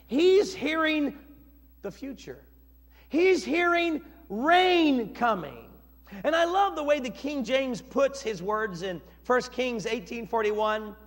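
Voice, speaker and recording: A male pastor preaching a sermon in an animated, dramatic way, acting out scenes with shifting voices. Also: sits high. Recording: long reverb of a church hall.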